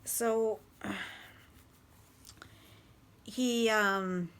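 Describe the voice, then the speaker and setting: A woman casually recounting life with a partner's drinking, halting and swearing bluntly, with many restarts. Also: mid-range voice, steady tone, a bit bright. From Canada. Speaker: partner of a recovering alcoholic. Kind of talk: casual personal storytelling.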